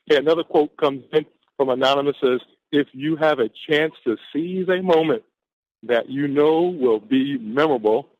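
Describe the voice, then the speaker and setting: A fired-up man delivering a motivational pep talk on a team call, his cadence that of a preacher, drawing out the words he wants to land. His voice sits at an ordinary male pitch. The audio is dry, dull and lo-fi, like a conference line. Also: no room sound. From Atlanta, Georgia, USA. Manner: exuberant, preacher-like, stretches key words slowly.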